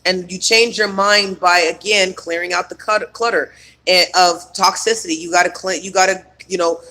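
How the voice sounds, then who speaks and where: Guy with a pretty high voice doing a rambly spiritual healing talk, lots of you know, really emphatic, bright tone. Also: fairly even intonation, moderate pace. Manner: rambling and emphatic, many fillers. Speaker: trauma healing coach. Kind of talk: spiritual self-help monologue.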